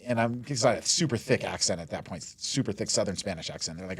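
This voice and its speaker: A man in his forties, a mortgage lender from Denver, USA, talks fast in a lowish voice with fairly even intonation and a breathy edge. He's a guest in a casual storytelling interview, meandering along with plenty of "like" and "you know" and laughing easily. The recording is dry.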